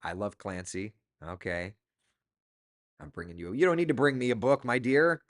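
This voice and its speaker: Male host, middle-aged, casual live-stream chatter, reads comments aloud, animated intonation. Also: fairly low pitch, normal speed.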